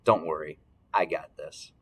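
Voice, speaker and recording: A man's voice: very deep voice, steady tone, unhurried, breathy edge, far from the mic, heavily acted. A man reading the lines of a confident, take-charge mother in a storybook. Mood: brisk. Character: confident mother, woman, middle-aged, takes charge.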